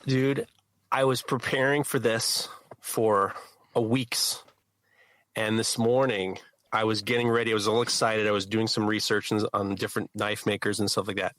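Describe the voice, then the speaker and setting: A man co-hosting a knife-making show, telling a story with lively energy and acting out the people in it. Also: on the low side, normal speed, no room sound, clean studio sound. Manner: excitable, acts out quoted voices. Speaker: podcast co-host. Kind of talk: animated storytelling.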